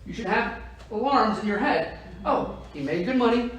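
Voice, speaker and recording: A man's voice: sits high, animated, moderate pace, a bit bright, a little hiss or hum. A man giving a motivational sales training talk to insurance agents, emphatic and constantly checking in with "right?". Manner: emphatic, keeps asking "right?" to the audience. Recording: echoey room, heard from a distance.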